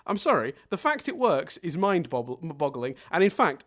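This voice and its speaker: Animated ranting male podcast co-host. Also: on the high side, a little fast, hardly any pauses. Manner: emphatic, ranting, swears, laughs often. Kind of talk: casual film review chat.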